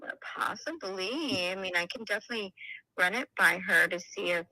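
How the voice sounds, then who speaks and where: Bright-voiced woman, hesitant agent. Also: mid-range voice, normal speed, dry recording, poor audio. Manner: hesitant, many fillers, easygoing. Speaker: listing agent. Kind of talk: phone conversation.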